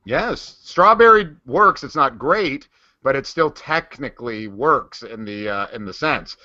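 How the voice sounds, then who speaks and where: A man hosting a casual podcast, playful and bantering, with a bright, ringing tone and a lively up-and-down delivery. The sound is dry and a little dull. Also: mid-range voice, measured pace, no echo. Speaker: podcast host. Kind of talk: casual chat.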